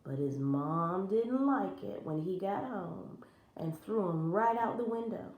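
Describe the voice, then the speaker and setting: A woman teacher reading a children's storybook aloud in an expressive, animated way, recorded in an echoey room. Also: mid-range voice, unhurried, highs cut off. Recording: roomy echo.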